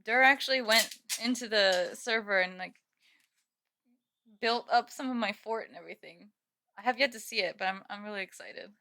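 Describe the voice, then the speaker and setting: A woman's voice: mid-range voice, normal speed, bright, forceful tone. A young woman live-streaming from home, chatting casually with viewers and laughing often. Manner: giggly, chatty, reads chat aloud.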